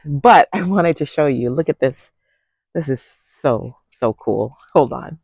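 A talkative, excitable man gives a casual tour of his home garden. He speaks at a middling pitch on a handheld phone outdoors, and the sound is dry, with no room echo. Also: measured pace, vocal fry, husky. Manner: chatty, excitable, often says "y'all". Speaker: garden vlogger. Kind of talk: casual walk-through vlog.

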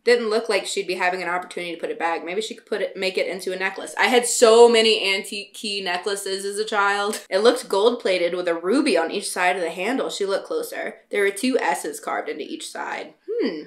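A woman reads her own early novel aloud, pausing to mock it in wry asides. Her voice sits at a middle pitch. She moves easily between narration and casual commentary. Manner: wry, self-mocking asides. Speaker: author reading her old novel.

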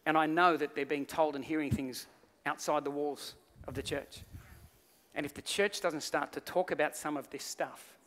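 A male pastor preaching a sermon, telling stories with lively acted-out voices. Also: on the high side, moderate pace. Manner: animated storytelling, acts out voices in the story. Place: church hall. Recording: reverberant church hall.

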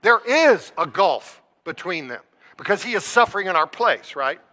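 High, bright-voiced preacher in a reverberant church. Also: male voice, very animated, moderate pace. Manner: earnest, questioning the congregation directly. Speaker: pastor. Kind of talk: sermon. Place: church sanctuary.

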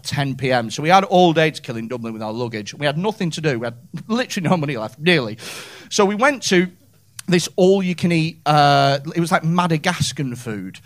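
Excitable high-voiced man. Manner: sweary, excitable, laughing at own jokes. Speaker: stand-up comedian. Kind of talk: crowd work. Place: comedy club stage.

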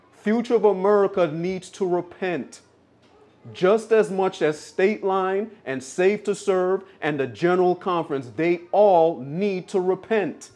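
A man's voice: high-pitched, a little mellow. A man preaching a sermon, insistent and repeating his points for emphasis.

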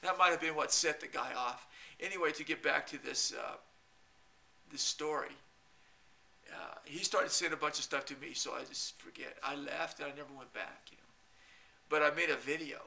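A man telling a long rambling story to his camera, halting and repeating himself and chuckling often. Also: fairly high pitch, gravelly, pushed and bright. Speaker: video blogger.

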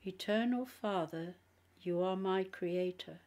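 A woman reading an audiobook voices a solemn male priest, slowly intoning commands and prayers. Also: on the low side, a little mellow. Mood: commanding.

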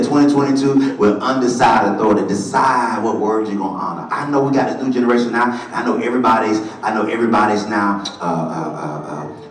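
A man preaching a sermon as pastor, swinging from loud shouted calls to low quiet talk. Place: large church sanctuary. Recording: echoey hall, from far off.

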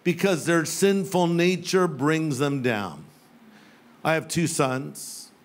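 Older man, pastor, sermon, joking storyteller, slightly high voice. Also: slow. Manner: humorous storytelling with playful quoted voices. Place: church sanctuary with live audience.

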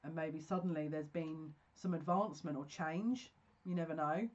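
A woman's voice: deep voice, moderate pace, darkish tone, muffled recording. A woman giving a pick-a-card tarot reading, effusive and emotional, talking in bursts with restarts.

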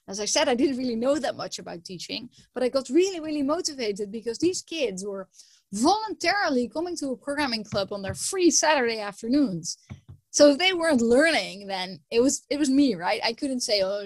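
A woman professor gives a conference talk with a fairly high voice. She tells stories in a lively way and doubles words for emphasis. The sound is dry and close, with no room echo. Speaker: computer science professor giving a conference talk.

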